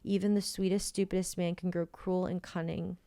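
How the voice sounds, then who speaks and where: Smooth-voiced woman reading a novel aloud. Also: on the low side, brisk, no room sound. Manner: steady first-person reading, then excitable chat. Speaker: podcast co-host reading aloud. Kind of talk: reading a novel aloud, then casual chat.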